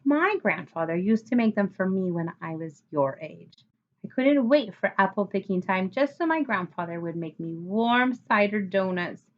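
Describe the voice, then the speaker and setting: A kindly farmer in a children's storybook, offering treats in a lively, up-and-down voice, as a woman reads him. The recording sounds dull and lo-fi. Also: mid-range voice, moderate pace, close to an everyday voice. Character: friendly male farmer, older, kindly host.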